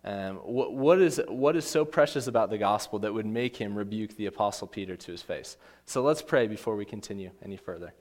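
A man's voice: on the low side, fairly quick, few pauses, darkish tone. A man preaching a sermon, telling a Bible story with acted voices and emphatic repetition. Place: church. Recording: long hall reverb.

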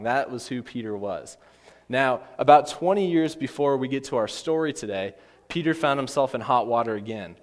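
Man preaching in a reverberant hall. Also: mid-range voice. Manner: storytelling with acted voices, emphatic repetition. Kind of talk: sermon. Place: church.

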